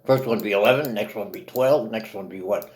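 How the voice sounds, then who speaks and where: A man's voice: fairly quick, close to an everyday voice. A man voicing a stern male ghost who warns a miser in jive slang. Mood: warning. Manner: low, warning, jive slang. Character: ghostly old male business partner, stern and warning.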